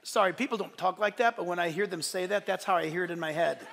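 Pastor guy preaching in church, really high bright voice, long echoey hall reverb, goes loud then quiet with jokes. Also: fast, gravelly, few pauses, some chatter behind, a little hiss or hum. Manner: animated, swings between loud declarations and soft asides; playful, joking asides to the congregation. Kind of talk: sermon. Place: church service.

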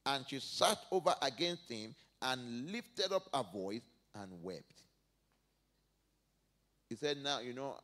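A male pastor preaching a sermon, dropping to soft asides and rising to loud emphatic peaks as he reads and acts out scripture. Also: medium pitch, expressive, slow, long pauses. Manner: preaches verse by verse, acting out biblical speakers.

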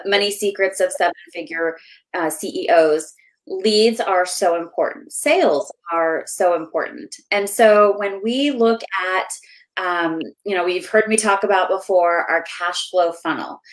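A woman's voice: lowish voice, low-quality recording. A woman hosting a members' webinar interview as a business finance coach, speaking enthusiastically and with many fillers.

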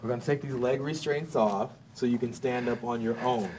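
A man's voice: medium pitch, fairly even intonation, a little fast, crowd noise. A man working as a jail deputy, giving firm, commanding instructions to an inmate in a booking area.

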